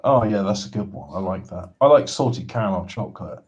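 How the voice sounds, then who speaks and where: A man hosts a casual livestream game show. He talks in halting bursts, full of restarts, and slips in deadpan sarcastic jokes. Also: deep voice, rough recording.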